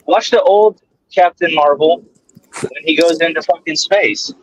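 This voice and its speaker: A man's voice: a little high, takes it slowly, breathy edge. A brash, swearing man talking casually while driving. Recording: dry lo-fi audio.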